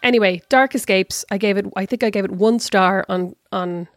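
A woman's voice: mid-range voice, moderate pace, dry recording, studio quality, faint music behind. A woman co-hosting a podcast with her sister, talking in a chatty, teasing way and laughing easily. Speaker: podcast co-host. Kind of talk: casual chat.

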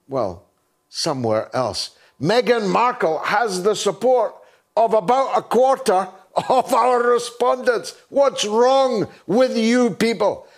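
An older man hosting a talk show, delivering a wry, sardonic opinion monologue. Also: high-pitched.

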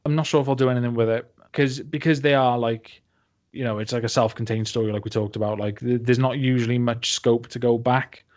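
A man's voice: medium pitch, steady tone, fairly quick, a little mellow. A man speaking as a guest in a casual interview, rambling with lots of fillers and swearing freely. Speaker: interview guest, comics creator. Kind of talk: casual podcast chat. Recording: dull lo-fi, dry.

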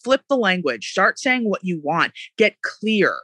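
A woman talks mindset in a lively, emphatic way, slipping into quick acted-out voices as she makes her points. Her voice is bright and forward. The sound is close and dry, with no room around it. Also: medium pitch, slightly rough, no room sound. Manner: animated, emphatic, acts out quoted voices. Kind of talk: casual motivational chat.

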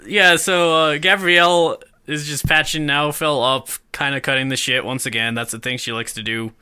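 A man's voice: a little high, moderate pace, clean tone, no echo, studio quality. A man co-hosting a casual podcast, recapping a film scene by scene and acting out the characters' lines. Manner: lively, laughing, acts out characters' lines. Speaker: podcast co-host. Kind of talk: casual movie recap chat.

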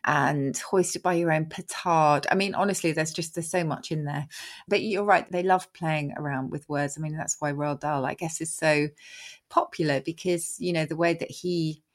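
A woman's voice: low-pitched, fairly even intonation, normal speed. A middle-aged woman being interviewed as a word expert, explaining with enthusiasm and rambling restarts. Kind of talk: conversational interview.

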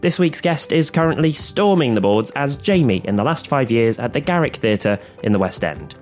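A man's voice: mid-range voice, big pitch swings, moderate pace, darkish tone, soft background music. A man hosting a podcast interview, nasal from a cold, chatty and enthusiastic. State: has a cold. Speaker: podcast host. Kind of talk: conversational interview.

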